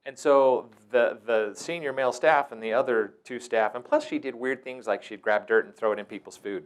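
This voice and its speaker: A man's voice: medium pitch, animated, normal speed. A man hosting a talk, telling stories casually and wryly. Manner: casual, wry, playfully acts out quoted voices. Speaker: host. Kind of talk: anecdotal storytelling talk.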